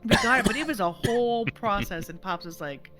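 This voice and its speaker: Middle-aged woman, streamer, casual storyteller; expressive lilting delivery, music audible behind. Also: mid-range voice, a little fast. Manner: animated, acts out quoted voices, laughs often.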